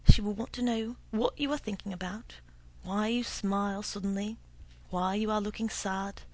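A woman's voice: medium pitch, fairly even intonation, lightly acted. Woman voicing a sly old potion seller. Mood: knowing. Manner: slow, suave, insinuating.

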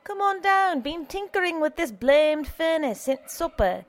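A woman's voice: very high-pitched, expressive, unhurried, soft background music, voice pushed up. A woman voicing a middle-aged male alderman who talks in a folksy, plain-spoken way.

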